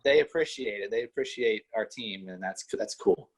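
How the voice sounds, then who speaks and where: A young college wrestler from western Pennsylvania talks in a lowish, husky voice at a moderate pace, his Pittsburgh accent mixed with Midwest speech. He's an easygoing, modest interview guest in a casual chat, leaning heavily on "you know" and "like."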